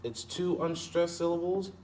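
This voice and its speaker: A man's voice: on the high side, little pitch movement, darkish tone. Man explaining poetry from a distance. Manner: explains slowly, repeating and sounding out words. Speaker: teacher. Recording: distant mic with faint background noise.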